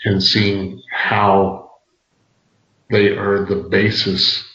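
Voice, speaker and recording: Male podcast co-host, very slow and flat, gravelly, echoey dull recording. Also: on the low side. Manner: measured, halting delivery. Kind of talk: casual book review.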